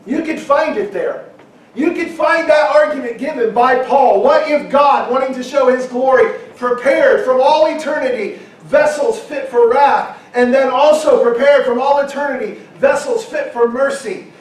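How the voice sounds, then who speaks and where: A middle-aged man preaching a sermon, emphatic, at times shouting and acting out quoted objections. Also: very high voice, normal speed. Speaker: pastor. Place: church hall. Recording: very echoey hall from far off.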